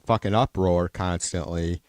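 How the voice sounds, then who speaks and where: With a deep, darkish, clean voice, this livestream host speaks unhurriedly and with fairly even intonation. His unscripted stream chat is rambling and profane, constantly restarting and letting sentences trail off.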